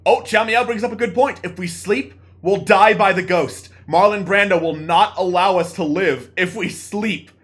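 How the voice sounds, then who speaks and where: A man's voice: sits high, moderate pace, hardly any pauses, fairly bright tone. A man streaming a text adventure, narrating playfully to chat in a mock-dramatic way.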